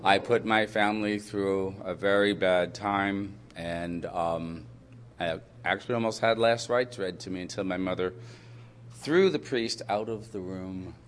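A man's voice: deep voice, measured pace, a little hiss or hum. A man speaking into a handheld microphone to a live audience, telling a personal story with candid, self-mocking humor and banter.

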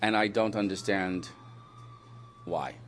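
A man telling a personal story to an audience in an animated, humorous way, swinging between loud bursts and quiet asides. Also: on the low side, takes it slowly.

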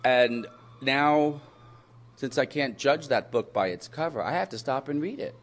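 A man in a mid-range voice tells a personal story to an audience with humor and energy. He swings between loud, excited bursts and quiet, reflective asides. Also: medium pitch, unhurried.

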